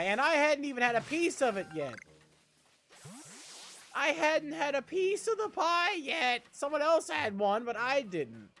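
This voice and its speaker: A man's voice: high voice, a bit bright, slight background noise. A young man streaming live, chatting casually while he plays a game, rambling with jokey asides. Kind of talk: casual chat while gaming.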